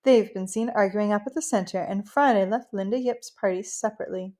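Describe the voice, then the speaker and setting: A woman voicing a know-it-all teenage girl, reporting gossip in a matter-of-fact, deliberate way. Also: mid-range voice, warm tone, natural voice.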